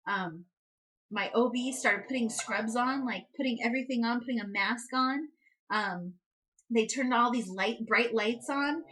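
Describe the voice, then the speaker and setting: A woman's voice: a bit bright, low-quality recording. Chatty young woman telling a story. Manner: chatty, many "like" and "um" fillers, reenacts quotes with high outbursts. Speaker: vlogger, new mother. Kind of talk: casual storytelling to camera.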